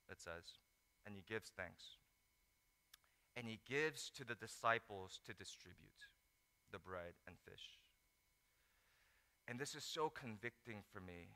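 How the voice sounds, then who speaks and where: Man, pastor, sermon, bright forceful voice, smooth, echoing hall. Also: on the low side. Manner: animated storytelling, acts out disciples in mock voices. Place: large hall. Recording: echoey hall.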